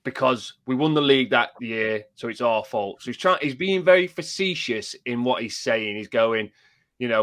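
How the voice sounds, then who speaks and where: A man on a football podcast, calm and measured, explaining a point step by step. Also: mid-range voice. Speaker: podcast co-host. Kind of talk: casual football chat.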